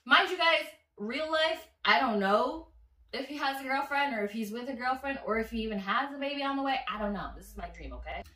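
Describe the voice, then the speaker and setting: A woman vlogger telling a story to her viewers in a chatty, animated way, swearing freely. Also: fairly high pitch, fairly quick, recorded from a distance. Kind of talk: casual storytelling to camera. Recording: echoey room, voice slightly off-mic.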